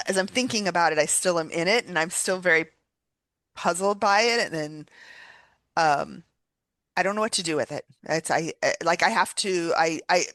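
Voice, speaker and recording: A woman's voice: fairly low pitch, normal speed, a bit bright, no room sound. A woman hosting a podcast, talking in an earnest, reflective way, with frequent restarts and repeated words. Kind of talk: casual reflective chat.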